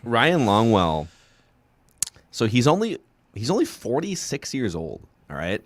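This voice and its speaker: A man hosting a casual sports podcast, relaxed and thinking aloud with hesitations. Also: medium pitch, unhurried. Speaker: podcast host.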